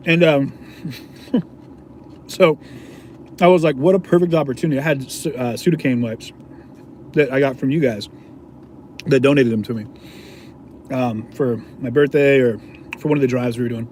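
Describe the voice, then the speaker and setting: A man's voice: mid-range voice, unhurried, pauses often, darkish tone, a little hiss or hum. A man, an independent video journalist, casually telling a story to his viewers in a slangy, laid-back way, chuckling often.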